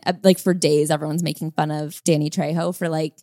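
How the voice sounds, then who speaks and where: A woman's voice: deep voice, little pitch movement, a little fast, mellow, no room sound, studio quality. A woman co-hosting a casual podcast chat about a book, talking chattily with lots of fillers and acting out quoted voices. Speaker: podcast co-host.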